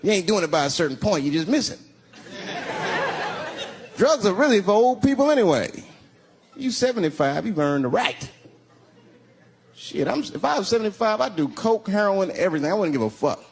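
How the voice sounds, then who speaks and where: A man doing stand-up on stage, telling stories in an animated, punchy way into a handheld mic. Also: high voice, normal speed, pauses often, husky, a faint crowd. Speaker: stand-up comedian. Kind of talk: stand-up comedy. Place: stage in front of a crowd. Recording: long hall reverb.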